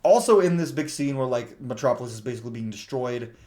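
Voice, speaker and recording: A man's voice: medium pitch, animated, quick pace, mellow. A man giving a casual, chatty plot recap in a movie review, full of "like" fillers and the odd swear word. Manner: acts out characters' lines when quoting them.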